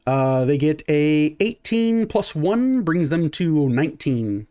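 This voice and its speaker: A man with a slightly high voice runs a tabletop game as game master. He narrates the action casually, stopping on "uh" fillers and tallying up dice out loud. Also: a little slow, few pauses, soft background music. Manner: relaxed, many "uh" fillers, counts out dice.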